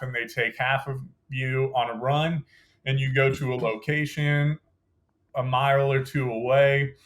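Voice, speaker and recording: A young adult man, a former Green Beret appearing as a podcast guest, recalls his brutal training in a casual storytelling interview. He walks through the details step by step, filling his sentences with "you know" and "like," in an ordinary mid-pitched voice.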